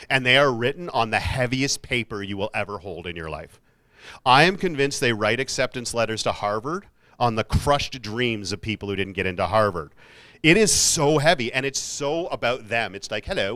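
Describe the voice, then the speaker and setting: This keynote speaker's voice is medium in pitch, bright, and forceful. In a university hall, he delivers a laid-back, humorous motivational talk to students and mixes in self-mocking asides.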